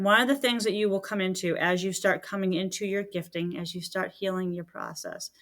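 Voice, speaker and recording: A woman's voice: fairly low pitch, a bit bright. A middle-aged woman talking as a podcast guest, a medium and healer who chats casually and acts out quoted dialogue as she tells stories.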